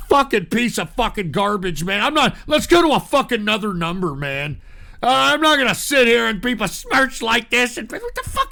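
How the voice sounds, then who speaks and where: This is a man hosting a call-in show, his voice pitched unusually high with a sharp, bright edge. He rants in an angry, profane stream at the people in his chat. A rough, gravelly texture runs under his words. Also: sing-song, moderate pace. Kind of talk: ranting live call-in show.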